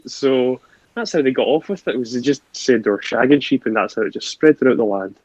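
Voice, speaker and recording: A man's voice: medium pitch, brisk, darkish tone. A Scottish man on a podcast call from a hotel room, swearing often and restarting his sentences as he chats. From Scotland. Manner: swears a lot, stammering restarts. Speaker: guest. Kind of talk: casual chat. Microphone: wireless earbuds. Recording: dull lo-fi earbud mic.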